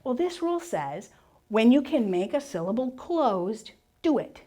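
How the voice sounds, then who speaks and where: This woman's voice is a little high and her pace measured as she takes a class through syllable rules and spelling. She asks questions and answers them herself, sounding lively and encouraging throughout.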